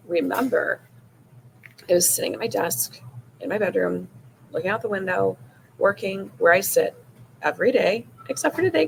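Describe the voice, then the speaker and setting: Woman, podcast host, casual storytelling, gravelly voice, faint background noise. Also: fairly low pitch, low-quality recording. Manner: casual, frequent "like" and "you know", retelling with rising emotion. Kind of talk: personal storytelling monologue.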